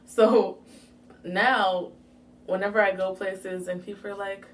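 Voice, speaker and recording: A young woman from Jamaica telling a casual story-time vlog, animated and full of playful asides. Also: medium pitch, takes it slowly, distant mic. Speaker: vlogger.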